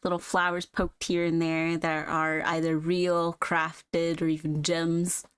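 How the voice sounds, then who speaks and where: A woman's voice: low voice, flat delivery, a little slow, smooth. A woman chatting and narrating scenes in a casual improv roleplay, talking with many filler words.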